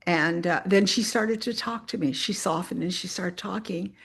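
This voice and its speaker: A woman's voice: on the low side, moderate pace, gravelly, husky. A woman, a church missionary, sharing a personal testimony story in an earnest way and speaking straight to her listeners. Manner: earnest, addresses listeners directly as "you guys"; animated retelling with spirited voiced quotes.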